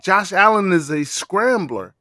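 Man, podcast host, slow and emphatic, slightly high voice, dry close sound. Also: lively intonation, sharp tone, no room sound. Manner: slow, emphatic, profane banter. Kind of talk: casual sports chat.

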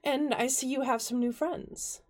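A woman's voice: high voice, fairly even intonation, unhurried, voice pushed up. A woman voicing a flamboyant, beautiful male air genasi neighbour who flirts in a purring, theatrical way. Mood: flirtatious.

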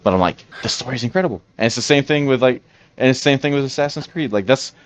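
A man with a medium-pitched voice talks fast while co-hosting a podcast. The talk is casual and rambling, with frequent fillers and restarted phrases.

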